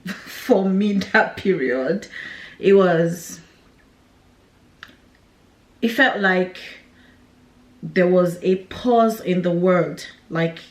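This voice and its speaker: A woman's voice: lowish voice, roomy sound. A young woman, candidly and emotionally telling a personal story to camera, with nervous laughs. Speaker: vlogger.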